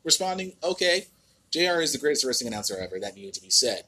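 A man's voice: mid-range voice, very animated, quick pace, bright, forceful tone, husky. A man with an American accent hosting a podcast, ranting in a casual, exasperated and profane way with many restarts. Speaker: podcast host.

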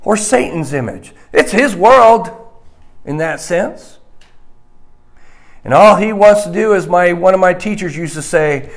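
A man preaching a sermon slowly and emphatically, dropping to a hushed voice on key points. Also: sits high, animated, vocal fry.

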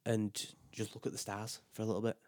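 A young man speaks in a lowish voice as a podcast guest. He chats candidly and swears freely, often breaking off mid-thought to restart. The sound is dry and close, with no room around it. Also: monotone, fast talker, a little mellow, no echo. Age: young adult. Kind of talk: casual chat.

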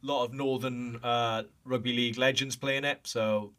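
A man's voice: medium pitch, little pitch movement, moderate pace, pushed and bright. A man in his early thirties co-hosting a podcast, telling stories in a chatty way and laughing often. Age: early 30s. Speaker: podcast co-host, former player. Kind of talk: casual chat.

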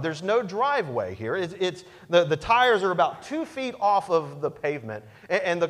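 High-voiced pastor telling a story. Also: male voice, long reverb tail. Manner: animated, self-mocking storyteller. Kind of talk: sermon storytelling.

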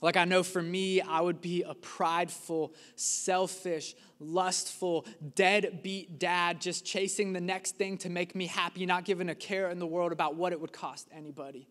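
A man preaching a sermon as a pastor, earnest and emphatic, with dramatic pauses. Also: high voice, level tone, a bit bright, in a large hall.

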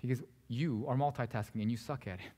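A young pastor preaches a sermon, telling the story casually and conversationally while acting out its characters and slipping into hushed asides. He talks fast in a mid-range voice, and the recording has long hall reverb.

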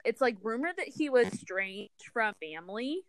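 A woman's voice: on the high side, sing-song, normal speed, no echo. A woman hosting a casual podcast chat, telling a story in a chatty, giggly way with many fillers. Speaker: podcast host.

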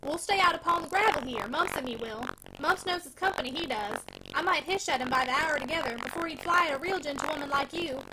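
A woman voicing a cheeky country packman who flatters in rustic dialect. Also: high voice, fast talker, few pauses, noisy background, full character voice. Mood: flattering. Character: sly flattering rural packman, cheeky young man.

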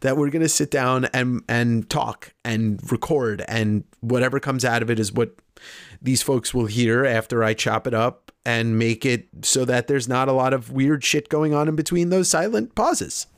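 A man's voice: medium pitch, normal speed. Confident swearing podcast co-host man. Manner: confident, swears freely, laughs often. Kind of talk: casual podcast chat.

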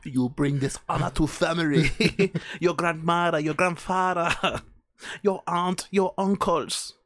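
A man's voice: fairly high pitch, fairly even intonation, slow, fairly bright tone. A man playing a scolding family elder.

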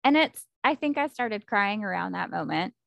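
A woman in casual chat, excitedly recapping a book plot and acting out the characters' lines. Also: medium pitch, normal speed, gravelly, no room sound, lo-fi sound. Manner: animated, acts out character quotes, fillers like 'like' and 'um'.

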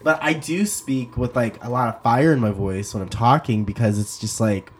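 A young man from Texas, co-hosting a casual podcast chat, animated and putting on funny voices for people he talks about. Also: medium pitch, normal speed, slightly rough. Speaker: podcast co-host.

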